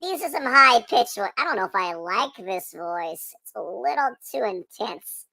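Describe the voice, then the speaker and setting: A man talking through a high-pitched voice changer that makes him sound like a squeaky, intense alter ego. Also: animated, moderate pace, vocal fry, bright, forceful tone, no room sound, full character voice. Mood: playful. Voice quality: shrill and intense.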